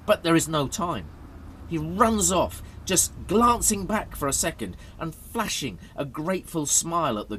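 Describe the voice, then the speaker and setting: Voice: mid-range voice, a bit bright, a little hiss or hum. A narrator reading a graded story aloud for English learners, telling it dramatically.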